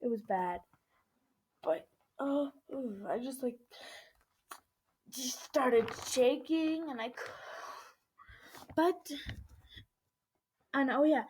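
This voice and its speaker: A woman's voice: high-pitched, extremely slow, pauses often, a little mellow, a little hiss or hum. A woman telling a storytime vlog at home into a laptop webcam mic, still shaken, rambling through it with lots of "I was like" and nervous restarts. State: shaken and uneasy. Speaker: vlogger. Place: indoors at home.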